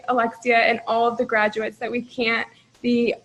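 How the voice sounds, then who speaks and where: A young woman congratulates graduates over a video call, and she sounds emotional and close to tears. Her voice is somewhat high. It moves within a narrow, even range. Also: moderate pace. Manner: emotional, holding back tears. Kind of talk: emotional speech.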